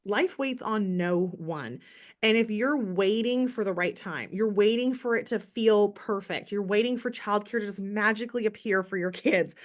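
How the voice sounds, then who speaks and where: A woman's voice: mid-range voice, moderate pace, few pauses. A woman in her thirties telling her story in a chatty, motivational way on a casual team call. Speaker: direct sales team leader.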